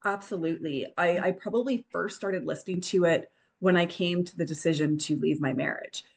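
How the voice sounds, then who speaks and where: A woman's voice: fairly low pitch, a little fast, vocal fry, slightly rough. A woman in her forties, a divorce coach, telling her story in a podcast interview in an earnest, reflective way. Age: 40s.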